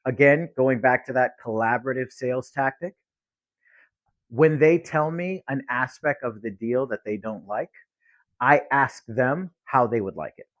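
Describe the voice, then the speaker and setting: With a mid-range voice and a measured pace, a blunt real estate coach teaches investors how to speak with sellers, playing both parties in acted phone lines. The recording has no echo, and its highs are cut off.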